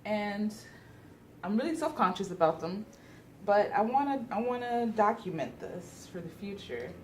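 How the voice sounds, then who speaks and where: A woman's voice: medium pitch, big pitch swings, normal speed, darkish tone, slight background noise. A young pregnant woman chatting casually to camera in a vlog, a little out of breath and self-deprecating. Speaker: vlogger. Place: at home indoors.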